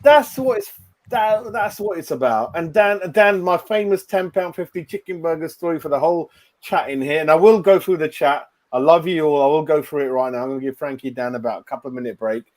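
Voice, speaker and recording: A brash man hosts a post-match fan chat, swearing freely and talking to everyone as a mate. His voice sits a little on the high side for a man. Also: fairly quick, darkish tone.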